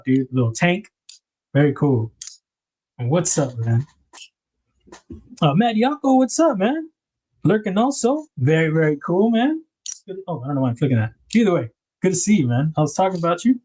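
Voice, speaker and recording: A man's voice: fairly high pitch, big pitch swings, brisk, darkish tone. A man hosting a casual livestream, rambling about knife design and greeting viewers in the chat by name.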